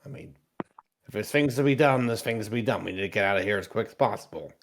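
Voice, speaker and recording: Guy doing an impatient captain, offhand and rushed, low voice. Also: a little hiss or hum, close to an everyday voice.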